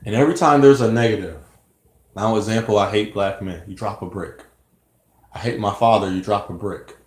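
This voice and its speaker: A man's voice: on the low side, fairly quick. Guy rambling on earnestly to camera, kinda preachy, echoey room. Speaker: vlogger. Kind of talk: personal monologue to camera.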